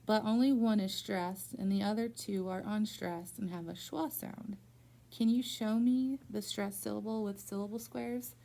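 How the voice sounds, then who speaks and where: A woman teacher works one-on-one through a phonics lesson in a school room. Her voice is mellow and dark, with a gravelly rasp at the bottom. She is patient and slowly draws words out syllable by syllable so they can be heard. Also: mid-range voice, steady tone.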